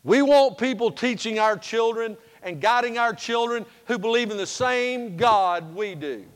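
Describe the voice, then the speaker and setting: A man preaching a sermon as pastor, folksy and humorous, moving between loud and hushed passages. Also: extremely high pitch, a little slow, smooth. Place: church sanctuary. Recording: long reverb of a church sanctuary.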